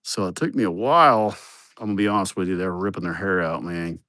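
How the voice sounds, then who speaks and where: A man's voice: low-pitched, lively intonation, fast, bright, forceful tone, dry recording, clean studio sound. A man livestreaming outdoors on a handheld phone, telling joking, profane stories in casual chat. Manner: joking, blunt, profane storytelling. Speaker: livestream host. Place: outdoors at a building site. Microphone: phone held in hand.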